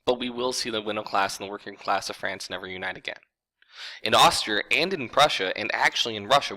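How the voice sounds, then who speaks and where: A man's voice: lowish voice, pushed and bright, rough recording. A man teaching a history lecture in a casual, conversational way, talking straight to his viewers. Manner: conversational, informal, addresses viewers as folks.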